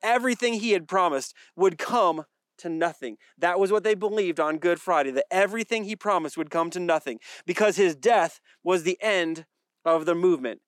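Male pastor, high voice, conversational sermon delivery with wry asides, dry recording. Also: moderate pace, no echo. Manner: conversational preaching with dry jokes and repeated phrases.

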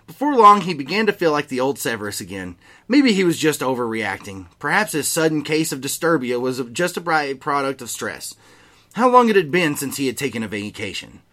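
A man's voice: mid-range voice, very animated, a little fast, bright, forceful tone. A man co-hosting a comedy podcast, reading fan fiction aloud with giggles and a theatrical delivery. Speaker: podcast co-host.

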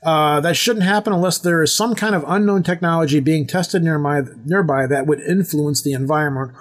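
A man's voice: a little high, fairly quick. Rambling male podcast host. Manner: rambling, self-correcting, teasing. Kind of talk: casual podcast chat.

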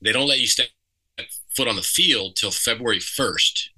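A man guesting on a podcast and coaching youth ball, telling stories in a relaxed, wry way. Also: medium pitch, moderate pace, rough recording. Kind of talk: casual podcast chat.

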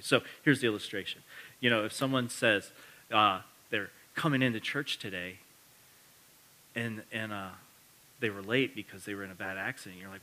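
A man's voice: medium pitch, normal speed, sharp tone. A man preaching a sermon as pastor, earnest and building to emphatic repetition, with casual self-correcting asides.

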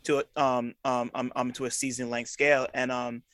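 A man's voice: medium pitch, level tone, normal speed, a bit bright, clear, resonant tone, no room sound. A man chatting casually as a podcast panelist, hesitant, with many fillers while he builds a point. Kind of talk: casual chat.

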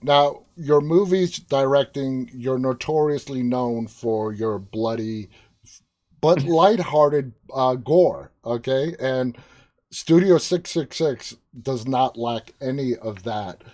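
A man's voice: medium pitch, slow pace, a little mellow. A man conducting a casual interview, praising the film and asking long, winding questions.

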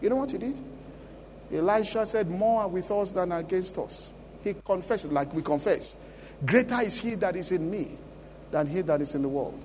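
A man's voice: high voice, normal speed, a little mellow, in a large hall, slight background noise. A Nigerian man preaching a sermon as pastor at a church conference, emphatic and often asking the congregation questions. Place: large church conference hall.

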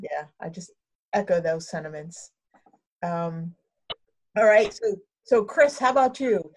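A woman's voice: lowish voice, animated, measured pace, a little mellow. A woman hosting a casual chat and asking her guests questions, with many fillers. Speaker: host.

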